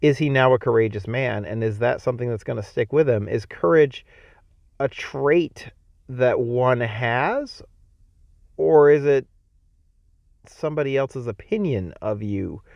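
A man teaching a homeschool literature lecture, reading a novel aloud and thinking out loud about it in a conversational way. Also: medium pitch, animated, a little slow, gravelly, no room sound, dull audio.

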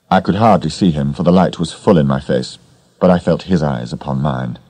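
A man narrating an audiobook story in a measured, steady manner. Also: very deep voice, no room sound. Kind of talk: scripted narration.

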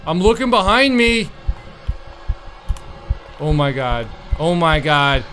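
A young man talks through a horror game as he plays, nervous and jumpy. He swears and jokes to himself in a fairly high voice. Faint keyboard typing sits behind him. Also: sing-song, slow, a bit bright, a little hiss or hum. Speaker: gaming YouTuber.

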